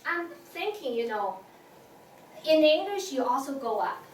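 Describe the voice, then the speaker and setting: Very animated yet a little slow, a high-voiced female Chinese teacher leads a classroom lesson. She repeats tones patiently for students, with frequent fillers. The recording comes from far away in an echoey room with faint noise.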